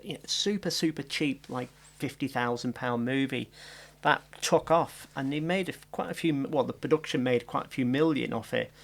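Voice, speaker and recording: Man, gravelly voice, relaxed guest. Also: mid-range voice, moderate pace, few pauses. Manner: relaxed, hesitant with ums. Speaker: guest, prosthetics artist. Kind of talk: casual chat.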